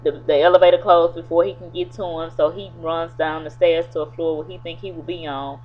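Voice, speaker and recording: Low-voiced woman rambling through a recap. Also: fairly even intonation, brisk, soft background music. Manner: rambling, loose retelling with many fillers. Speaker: TV episode reviewer. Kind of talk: casual spoken episode recap. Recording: tinny phone-like sound with faint hum.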